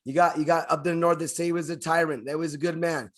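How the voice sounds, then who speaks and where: A man co-hosting a casual podcast, telling history in an emphatic, drawn-out way with many restarts. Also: on the high side, fairly even intonation, a bit bright. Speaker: podcast co-host.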